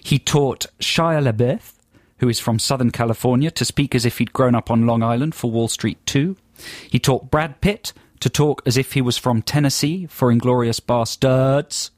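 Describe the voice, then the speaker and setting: A man's voice: medium pitch, normal speed, no echo, clean studio sound. A man co-hosting a radio show, chatting playfully and jokingly with his partner about films and listener projects. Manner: playful, chatty, jokey asides. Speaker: radio co-host. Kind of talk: casual radio banter.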